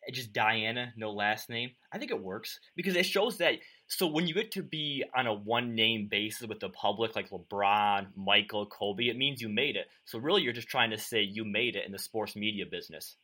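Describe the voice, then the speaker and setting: A man's voice: fairly low pitch, expressive, normal speed, few pauses, bright, forceful tone. A man hosting a sports media podcast, chatty and self-deprecating, interviewing a guest.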